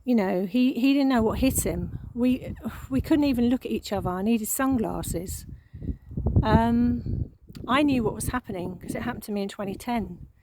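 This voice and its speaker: A woman giving an emotional spiritual monologue, halting and repeating words, with frequent sighs. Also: a little high, background noise. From England. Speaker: spiritual channel.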